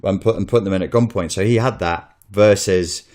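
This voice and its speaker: A Northern English man hosts a casual podcast chat in a very deep voice. He talks in long, opinionated runs, swearing freely as he goes. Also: a little fast. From Northern England. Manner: animated, swearing, opinionated and rambling. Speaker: podcast host.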